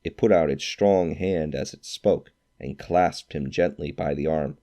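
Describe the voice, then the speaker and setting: A man reading a classic novel aloud as narrator, in an expressive storytelling manner. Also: very deep voice, unhurried. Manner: expressive storytelling, acts out quoted lines.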